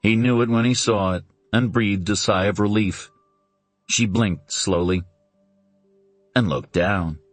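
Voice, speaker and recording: Slow, low-voiced male audiobook narrator. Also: no echo, faint music behind. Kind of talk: scripted narration of a suspense novel.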